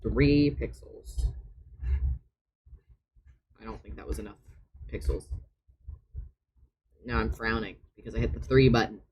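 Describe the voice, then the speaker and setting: A man's voice: on the low side, fairly even intonation, brisk, pauses often, a little mellow, breathy edge, rough recording. A man chatting on a live stream as he draws, often muttering his steps to himself as he works. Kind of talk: casual live-stream chat while drawing.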